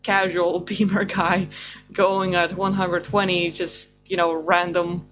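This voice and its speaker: Female host, relaxed casual chat, guitar music underneath. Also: fairly low pitch, slow. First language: Lithuanian.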